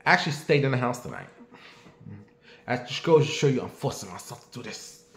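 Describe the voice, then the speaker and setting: A man's voice: medium pitch, sing-song, a little fast, creaky, a bit bright, slight background noise. A man in his late thirties hosting his own show, talking bluntly and with plenty of profanity in a casual commentary monologue, and asking his audience what they think. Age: late 30s. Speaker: show host. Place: at home. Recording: echoey room.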